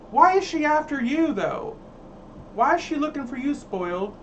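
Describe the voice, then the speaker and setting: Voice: high-pitched, big pitch swings, normal speed, recorded from a distance, lo-fi sound, slight background noise. A livestream host, reading viewer chat in a sassy, dramatic, campy way.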